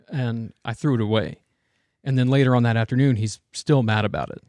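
A man's voice: medium pitch, steady tone, fairly quick, darkish tone, dry recording. A man in his thirties, a father of young kids, telling stories in casual chat with lots of fillers. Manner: rambling storyteller, many fillers.

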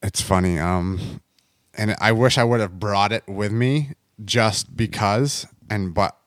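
A deep-voiced man from the United States rambles through a casual chat, full of fillers and asides. The recording is dry and close, with no room sound. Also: slow, no room sound. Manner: rambling, heavy on fillers like "you know what I mean".

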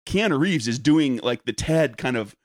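A man in casual podcast banter who laughs easily and lets his stories wander. His pitch moves a lot as he talks. The sound is close and dry. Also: animated, normal speed, no room sound. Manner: laughs often, rambling retellings. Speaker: podcast co-host. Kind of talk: casual chat.

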